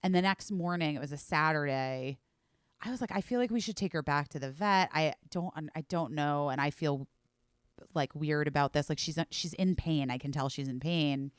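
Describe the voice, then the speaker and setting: Her voice sits low and resonant, clear at a moderate pace, as a forties-aged woman hosting a podcast rambles animatedly through a casual story full of "like" and swearing. It's a studio-quality recording with no echo.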